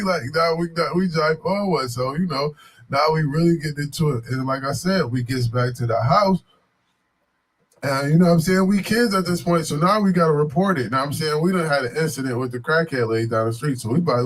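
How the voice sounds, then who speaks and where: A man from Buffalo, New York, tells a story casually with a voice a little higher than most men's. He rambles and loops back on himself, leaning on frequent fillers. His delivery is loose and animated. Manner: animated, digressive, frequent "you know what I'm saying" fillers.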